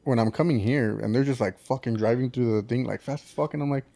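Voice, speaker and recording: A man with an El Paso Texan accent tells a road story in casual podcast chat, at a middling pitch. He swears nearly every line and throws himself into quoting the other driver and himself. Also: quick pace, creaky. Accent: El Paso Texan English. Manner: animated, swears constantly, acts out quotes. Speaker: podcast co-host.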